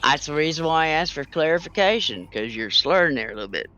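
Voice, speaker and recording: A man's voice: on the high side, big pitch swings, fast, sharp tone, dull audio, slight background noise. A man in a casual group voice chat, teasing the others in a dry way.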